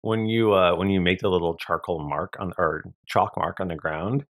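A dungeon master running a tabletop game in a relaxed, brief way. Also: deep voice, moderate pace.

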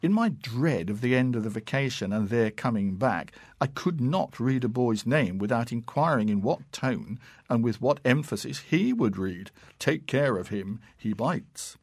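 A man reading classic fiction aloud in a measured, unhurried and expressive way. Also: medium pitch, husky, no room sound. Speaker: narrator.

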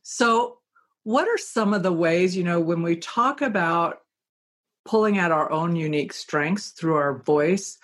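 Curious woman hosting an interview. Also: on the low side. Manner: curious, asks probing questions. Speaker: host.

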